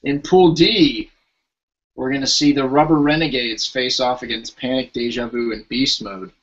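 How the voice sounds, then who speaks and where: A man's voice: medium pitch, steady tone, normal speed, fairly bright tone, muffled recording. A man hosting a casual podcast who rattles off team lists and chats about each team. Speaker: podcast host.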